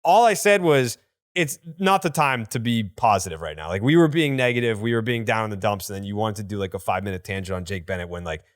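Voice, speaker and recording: A man co-hosting a casual sports podcast, animated and mock-scolding, laughing as he talks. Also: fairly low pitch, fast, dry recording, studio quality. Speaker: podcast co-host.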